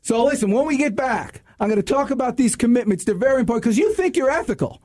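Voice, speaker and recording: A man hosting a sales radio show, talking high and swinging his pitch all over. His voice is mellow and warm even when he gets loud and preachy. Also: fast. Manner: animated, preachy, laughs at himself. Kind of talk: sales talk radio monologue.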